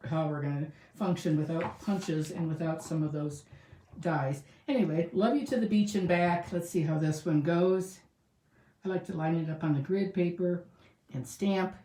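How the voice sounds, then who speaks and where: A woman's voice: low-pitched, warm tone. Crafty lady talking through her card making, lots of ums, sounds kinda distant and roomy. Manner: chatty, thinks aloud with fillers and restarts. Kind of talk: casual crafting tutorial. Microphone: camera mic set above the work table. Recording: roomy sound with the mic some distance away.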